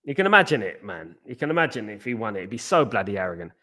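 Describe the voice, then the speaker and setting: Rambling football watchalong host. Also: male voice, fairly low pitch, big pitch swings, very fast, few pauses, pushed and bright. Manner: rambling, chatty, goes off on tangents. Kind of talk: live football watchalong commentary.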